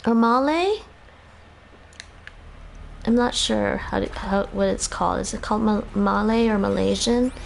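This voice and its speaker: A woman's voice: mid-range voice, a little slow, vocal fry, pauses often, slight background noise. A Canadian woman chatting casually while streaming a game, a little tired, thinking aloud and laughing often.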